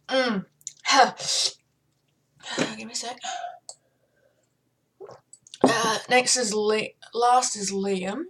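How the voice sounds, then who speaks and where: A young Australian woman chatting casually and excitedly about the voices she does, swearing freely. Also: on the high side. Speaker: video creator. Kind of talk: casual chat.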